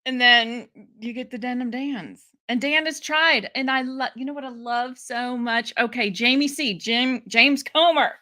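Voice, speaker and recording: Bright-voiced woman streamer, chatty. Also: on the high side, measured pace, few pauses. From Ohio. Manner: chatty, laughing, animated asides. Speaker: political commentary streamer. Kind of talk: casual live commentary.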